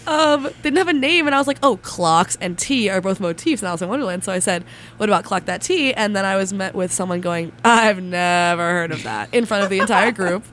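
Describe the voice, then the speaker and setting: A woman's voice: medium pitch, expressive, fast talker, fairly bright tone, slight background noise. A young woman co-hosting a casual radio show, giggly and self-deprecating, with a stuffy nose from a cold. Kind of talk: casual chat.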